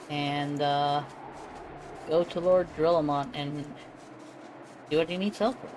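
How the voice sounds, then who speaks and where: A woman's voice: low voice, steady tone, takes it slowly, pauses often, noisy background. A woman streamer giving chatty, self-amused commentary while playing a game. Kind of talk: casual gameplay commentary.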